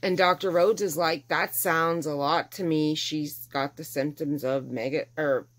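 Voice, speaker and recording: A deep-voiced middle-aged woman recounts a personal story in a relaxed, slightly slow way. Her delivery livens up as she impersonates the people she's quoting, sounding thoroughly exasperated.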